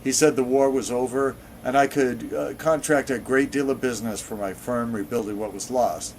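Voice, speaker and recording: A man's voice: medium pitch, fairly even intonation, moderate pace, darkish tone, a little hiss or hum, pitched above the performer's own voice, close to an everyday voice, low-quality recording. A man voicing a polite, slightly anxious male Imperial builder in a voice close to his own, speaking courteously.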